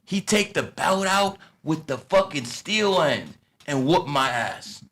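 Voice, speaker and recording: A man in his thirties talks in a bright, edgy voice, blunt and profane. He swings between loud rants and quieter asides in loose casual chat. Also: on the high side, lively intonation, slow pace. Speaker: podcast host.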